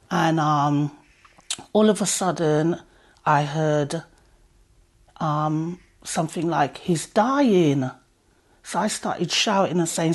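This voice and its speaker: A middle-aged woman tells her story slowly and softly, in a low, husky voice. She recounts events one small step at a time, as plain personal testimony. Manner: slow, soft-spoken storytelling. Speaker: family member giving testimony.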